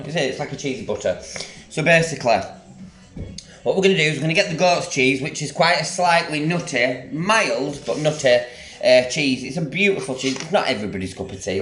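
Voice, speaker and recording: A man's voice: mid-range voice, fairly bright tone, echoey room. A man chatting casually through a home cooking vlog, rambling and enthusiastic about food. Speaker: home cook. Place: home kitchen.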